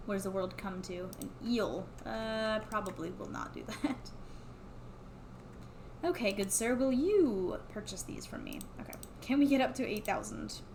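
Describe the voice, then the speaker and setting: A woman's voice: medium pitch, normal speed, darkish tone, a little hiss or hum. A young woman streaming a farming game, chatting casually to herself and laughing often. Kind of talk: casual gameplay commentary.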